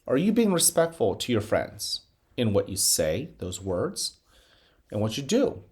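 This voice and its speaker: Middle-aged school principal guy, calm and encouraging, voice rises and falls a lot. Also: medium pitch. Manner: calm, slow guiding voice during breathing exercise; upbeat, encouraging address to students. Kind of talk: guided mindfulness and morning announcements.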